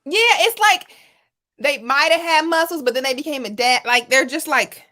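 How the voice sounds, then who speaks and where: A woman co-hosting a casual live talk show, chatty and animated, laughing often as she talks. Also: high voice, normal speed. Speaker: co-host. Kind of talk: casual chat.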